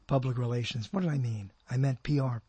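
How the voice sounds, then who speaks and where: Husky older man hosting internet radio. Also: medium pitch, lively intonation, brisk, warm tone, no room sound. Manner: rambling, jokey, self-deprecating asides. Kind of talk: solo radio talk, rambling.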